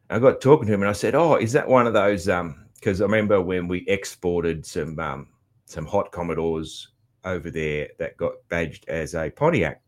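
A man with an Australian accent giving a casual, rambling travel recap, swearing freely with many ums and restarts. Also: deep voice. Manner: loud, chatty. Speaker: vlogger.

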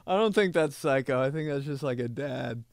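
Man, podcast host, casual comedic chat, rambling, lively intonation, dry close sound. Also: medium pitch, normal speed, gravelly, no echo. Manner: rambling, jokey, animated storytelling.

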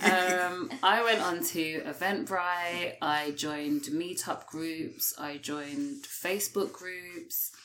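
A British woman who is a podcast guest, telling a lively story with frequent laughter. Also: fairly low pitch, takes it slowly, hardly any pauses. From United Kingdom. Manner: lively, laughs often while telling stories. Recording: roomy echo.

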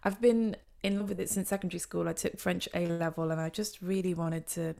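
A woman's voice: fairly low pitch, fairly even intonation, a little fast, creaky, darkish tone. A young British woman, a cellist and guest, chatting casually in an interview and telling stories with frequent laughter. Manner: chatty, laughs often, tells stories animatedly.

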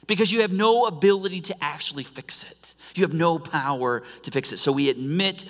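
A man preaching a sermon in a church sanctuary, swinging from loud, emphatic lines down to soft near-whispers. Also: on the high side, a little fast, few pauses. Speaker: pastor. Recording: long church-hall reverb.

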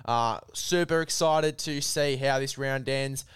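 Male host, matey and upbeat, smooth voice, dry close mic. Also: mid-range voice, a little slow, no room sound. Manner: matey, hypes bets and sponsor with filler "mate". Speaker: podcast host. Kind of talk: casual sports chat.

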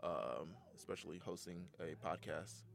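A man's voice: low voice, unhurried, creaky. A young man hosting a casual podcast, talking in a rambling way with fillers and laughs. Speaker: podcast host.

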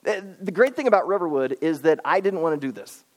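A man preaching a sermon as pastor, earnest and pleading, swinging between loud and hushed. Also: on the high side, expressive, quick pace. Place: church auditorium. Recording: long reverb of a hall.

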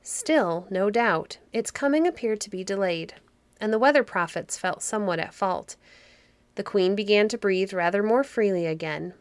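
A woman narrating a fairy story for a podcast in a soft, cozy, unhurried manner. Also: mid-range voice, dry recording.

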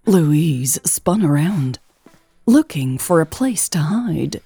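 A woman narrating a romance audiobook in a measured, scripted reading. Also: low voice, very animated, gravelly, warm tone, husky, dry recording.

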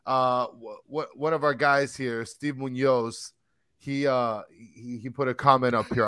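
A man's voice: mid-range voice, fairly even intonation, unhurried, bright, forceful tone, clean tone, no echo. A man co-hosting a podcast, joking in laid-back banter. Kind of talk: casual podcast chat.

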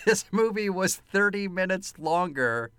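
A man's voice: high-pitched, a little slow, clear, resonant tone, no echo. A man co-hosting a casual film podcast, telling anecdotes with frequent swearing and laughter. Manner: animated, profane, laughs often while telling anecdotes. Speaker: podcast co-host. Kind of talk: casual film-review chat.

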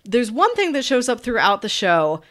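A woman podcast co-host casually recapping a TV show, chatty and animated, laughing often. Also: on the high side, normal speed.

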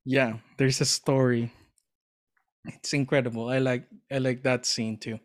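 Slow, earnest man chatting. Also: medium pitch, level tone. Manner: earnest, enthusiastic storytelling; hesitant, searching for words. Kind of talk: casual chat.

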